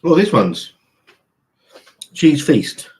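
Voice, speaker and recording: A man's voice: fairly high pitch, big pitch swings, drawn-out words, background noise. A man hosting a casual live stream from home, rambling, swearing casually and reading out chat messages. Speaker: channel host. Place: home room by an open window.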